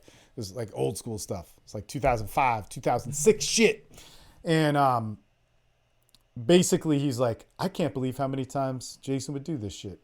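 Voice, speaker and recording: A man hosting a podcast, telling stories in a casual, profane, animated way and quoting other people in quick bits as he goes. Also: medium pitch. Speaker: podcast host, dating coach. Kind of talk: casual storytelling on a group call.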